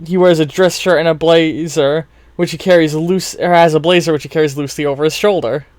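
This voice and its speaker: A man's voice: a little high, fairly even intonation, a little fast, no room sound, clean studio sound. Stumbling, self-mocking male game master. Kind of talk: narrating a role-play story.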